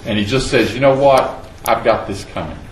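A man's voice: medium pitch, fairly quick, roomy sound, a little hiss or hum, low-quality recording. A man preaching a sermon, reading scripture dramatically and asking the audience rhetorical questions. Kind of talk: expository sermon.

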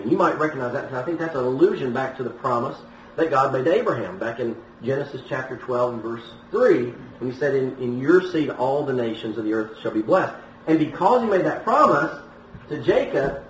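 Man, sermon, storytelling, mid-pitched voice, echoey room, distant mic, faint background hum. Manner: storytelling, with some restarts and raised quoted lines. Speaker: preacher. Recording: roomy, from a distance, faint noise.

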